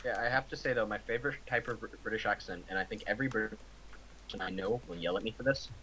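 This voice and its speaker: A man's voice: lowish voice, quick pace, noisy background. A man from Ohio chatting casually on a group voice call, rambling with repeated words. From Ohio, USA. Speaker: podcast participant.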